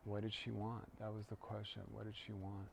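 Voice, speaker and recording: A man leading a guided prayer practice and sharing a personal story in a calm, reflective way, chanting prayers. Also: lowish voice, a little fast, creaky, a little hiss or hum. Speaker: spiritual practice teacher.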